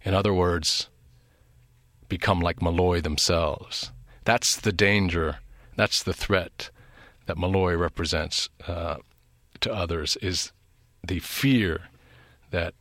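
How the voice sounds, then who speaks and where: A man giving an academic literature lecture in a measured, thoughtful way, pausing between phrases. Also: low voice, fairly even intonation, fairly bright tone, no room sound, clean studio sound.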